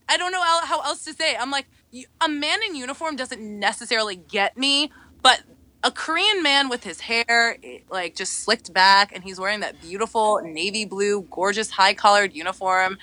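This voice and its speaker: An American woman chats as a podcast guest, bouncing through anecdotes and jumping into high, theatrical voices for the people she quotes. Her voice is bright and sharp, recorded close and dry. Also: no echo. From United States. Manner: animated storyteller, acts out quotes in high voices. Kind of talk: casual chat.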